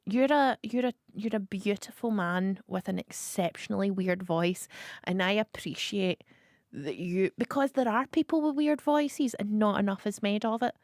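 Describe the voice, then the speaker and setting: A woman's voice: medium pitch, normal speed, a little mellow, dry recording, studio quality. A woman hosting a radio show, chatting playfully and laughing often as she slips into silly impressions. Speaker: radio host. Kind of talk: casual comedic chat.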